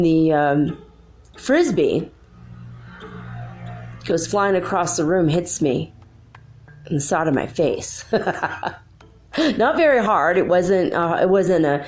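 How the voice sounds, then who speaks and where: A chatty woman host tells her own ghost story in a fairly low voice, bouncing into the quoted lines as she goes. Soft music hums faintly underneath. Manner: chatty, acts out quoted dialogue. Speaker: podcast host. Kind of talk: casual personal ghost story.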